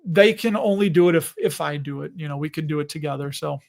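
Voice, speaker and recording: A man's voice: fairly high pitch, fast talker, vocal fry. A man in his forties hosting a casual livestream, chatting and joking while answering viewer questions. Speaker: host of investing livestream.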